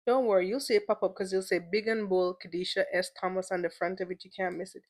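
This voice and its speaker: A woman's voice: mid-range voice, steady tone, quick pace. Young woman, solo podcast host; casual, emotional, playful, lots of repeated words.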